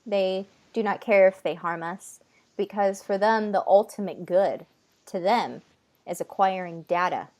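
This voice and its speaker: A woman answering interview questions as a medium relaying messages, in a halting, measured way with short broken phrases. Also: medium pitch, a little mellow.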